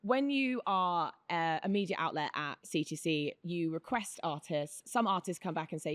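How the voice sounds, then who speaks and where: A woman's voice: lowish voice, expressive, normal speed, hardly any pauses, dry recording. A woman co-hosting a podcast, telling a story in casual chat and acting out the quotes. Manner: chatty storyteller, acts out quotes. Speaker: podcast co-host.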